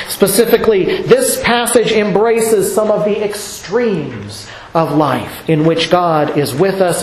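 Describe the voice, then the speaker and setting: Preacher giving a sermon; unhurried and emphatic, mid-pitched voice, echoey sanctuary sound. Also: darkish tone, slight background noise. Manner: measured, emphatic delivery with dramatic drops.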